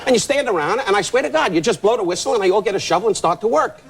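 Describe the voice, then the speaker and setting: A man's voice: high voice, expressive, very fast, gravelly, heavy background noise. An older man doing insult comedy as a talk show guest, brash and full of mock outrage. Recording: loud studio audience laughing.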